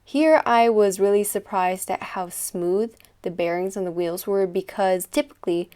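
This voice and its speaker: A woman's voice: medium pitch, moderate pace, dark tone, clean tone. A teenage girl narrating her own vlog in a chatty, playful, self-deprecating way. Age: teens. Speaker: vlogger. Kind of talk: casual voice-over narration.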